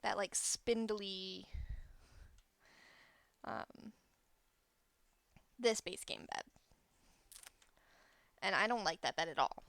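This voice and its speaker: Gravelly-voiced woman streamer thinking aloud. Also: medium pitch, drawn-out words, long pauses, fairly bright tone, no echo. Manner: chatty, thinking aloud while building, self-correcting. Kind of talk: casual gameplay commentary. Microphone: close microphone.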